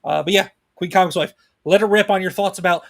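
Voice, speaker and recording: A man's voice: high-pitched, steady tone, quick pace, vocal fry, fairly bright tone. A man co-hosting a casual livestream chat, upbeat, thanking viewers and laughing often. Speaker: livestream co-host.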